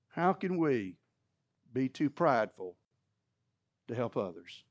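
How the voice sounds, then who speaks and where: A male pastor preaching an animated sermon, mixing scripture explanation with humorous asides. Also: mid-range voice, dry recording.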